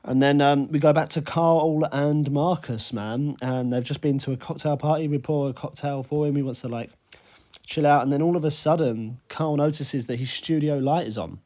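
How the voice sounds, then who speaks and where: A young man recapping a video game he played, talking fast and excitedly and saying "bro" a lot. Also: fairly high pitch. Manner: animated, says "bro" constantly. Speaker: gaming YouTuber.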